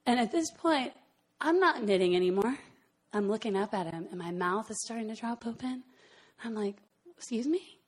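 A woman telling a personal story in an animated way, often laughing between phrases. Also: medium pitch, moderate pace. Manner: animated, laughs often, lots of fillers and asides.

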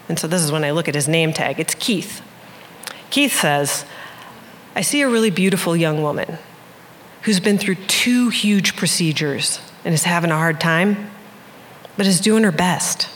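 A woman's voice: lowish voice, normal speed, a little hiss or hum. A woman in her forties from Iowa, telling a candid, emotional personal story in a conversational way. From Iowa, USA. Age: 40s.

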